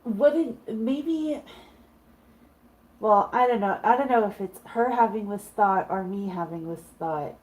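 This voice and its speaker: A woman's voice: mid-range voice, slow, low-quality recording. Female player, casual chatty tone, musing aloud. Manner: chatty, thinking out loud. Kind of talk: casual tabletop play.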